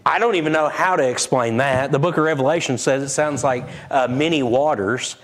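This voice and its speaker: A male preacher with a mid-range voice gives a casual Bible-study sermon, speaking conversationally but haltingly, with many fillers and restarts. He reads scripture aloud in King James wording.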